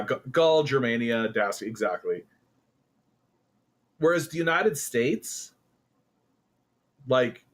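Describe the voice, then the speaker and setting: A man from Canada hosting casual political commentary, rambling with lots of fillers and breaking into sarcastic jeers. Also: medium pitch.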